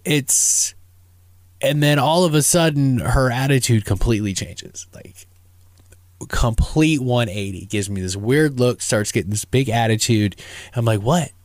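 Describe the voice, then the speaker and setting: A man's voice: medium pitch, measured pace, no room sound. A man hosting a podcast, telling a personal story in a casual, chatty way with plenty of slang. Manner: laid-back, chatty, slang-heavy. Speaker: podcast host.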